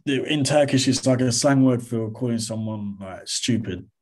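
A man's voice: medium pitch, moderate pace, darkish tone. A man, chatting casually and easily as an interview guest, dropping "mate" and "to be honest" along the way. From England. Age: 20s. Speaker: interview guest, comedy content creator.

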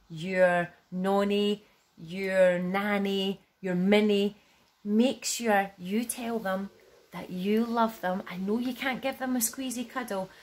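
Woman, children's storyteller, gentle, expressive, unhurried, bedtime story at home. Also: medium pitch.

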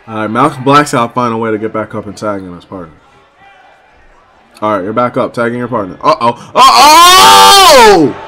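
Over poor audio, a young man calls the action in a wrestling video game. His excitable, slang-filled commentary is packed with loud exclamations, and his voice goes squeaky.

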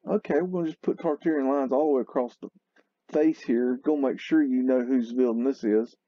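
Excitable man rambling over photos. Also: medium pitch, fairly quick, no echo, dull audio. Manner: excitable, exclaiming and swearing. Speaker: video host.

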